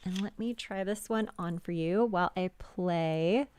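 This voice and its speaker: A woman's voice: lowish voice, measured pace, a little mellow, smooth. A woman hosting a live stream, chatting casually about her handmade jewelry with many fillers and restarts. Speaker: jewelry designer hosting a live sales show.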